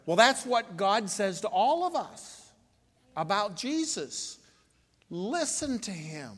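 A man leading a children's sermon in church, playful and animated, asking the kids lots of questions. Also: sits high, slow. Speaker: pastor giving children's sermon. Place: church sanctuary. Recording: reverberant church hall.

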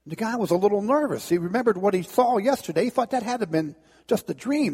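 A male preacher tells a dramatic sermon story, stumbling and restarting as he builds tension. His voice is high, gravelly and husky, and it rings with a long hall reverb. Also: animated, fast, a little mellow.

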